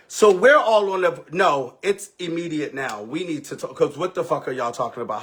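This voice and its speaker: A man on a livestream, telling a dramatic story in a casual, profane way, swinging between loud outbursts and hushed asides. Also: a little high, husky.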